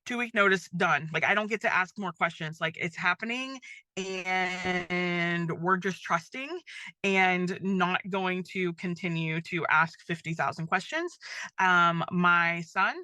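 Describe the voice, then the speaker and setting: A middle-aged woman hosts a faith podcast in a chatty, rambling way, full of "um" and "like." Her voice is bright and forward, recorded close and dry with no room sound. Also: on the low side, steady tone, a little slow, dry recording. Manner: chatty, many fillers like "um" and "like". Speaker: podcast host. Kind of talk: casual faith-based podcast monologue.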